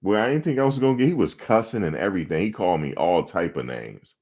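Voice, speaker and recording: A man with a very deep, low voice spinning a casual story, swooping up and down in pitch as he gets into it. He laughs and cusses freely, talking like a host among friends. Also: fast. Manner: animated, profane, laughing. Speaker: show host.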